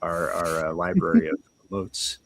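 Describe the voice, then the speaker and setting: A laid-back male co-host chatting on a live stream, agreeing and welcoming viewers. His voice is lowish and dry, with frequent pauses and fillers. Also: dry recording. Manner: relaxed, agreeable, halting with fillers. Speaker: livestream co-host. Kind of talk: casual chat.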